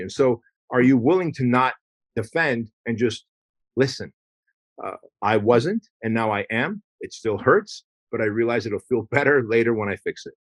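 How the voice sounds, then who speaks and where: A man's voice: medium pitch, normal speed, fairly bright tone, no room sound. A man speaking as a podcast guest in casual, emphatic conversation, often acting out quoted exchanges and swearing casually.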